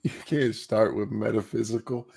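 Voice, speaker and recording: A man's voice: on the low side, steady tone, normal speed, vocal fry, a little mellow, breathy edge. A man co-hosting a casual morning podcast, joking and chiming in with short remarks. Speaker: co-host.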